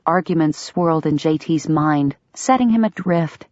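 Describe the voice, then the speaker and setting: A woman narrating an audiobook in an expressive storytelling manner. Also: sits low, moderate pace, few pauses, no echo. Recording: dull, dry lo-fi sound.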